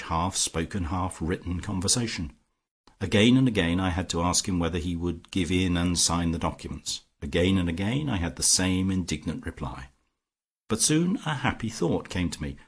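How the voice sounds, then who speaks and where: A man reading a classic detective story aloud as an audiobook narrator, in a measured first-person telling. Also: deep voice, breathy edge. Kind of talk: scripted narration.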